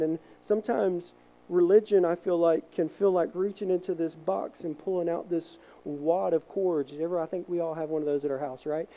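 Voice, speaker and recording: A pastor delivers a sermon from the pulpit in a warm, mellow, high-pitched voice, with the highs cut off in the audio. He preaches animatedly, performing voices in his stories and sometimes dropping to a soft hush to emphasize a point.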